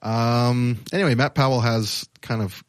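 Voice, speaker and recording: A man co-hosting a podcast, telling a story in a rambling, hesitant way with many pauses. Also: medium pitch, steady tone, no echo, studio quality. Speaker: podcast co-host. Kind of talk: casual chat.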